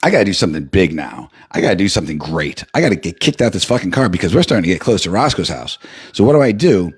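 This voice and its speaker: Husky, profane storytelling man. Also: low-pitched, quick pace. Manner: profane, rambling, animated. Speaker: livestream host. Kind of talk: casual storytelling.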